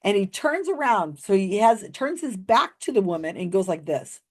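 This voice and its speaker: A woman telling a story in a casual commentary, wry and lively, often acting out the lines of the people she describes. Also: medium pitch, normal speed. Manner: animated retelling, acts out quoted lines. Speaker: skeptical commentator on psychics.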